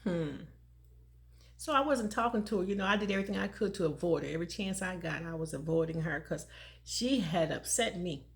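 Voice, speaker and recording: A woman's voice: fairly low pitch, expressive, a little fast, vocal fry. A middle-aged woman hosting a motivational vlog, telling a personal story in a conversational way, laughing often and repeating phrases for emphasis. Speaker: motivational vlogger.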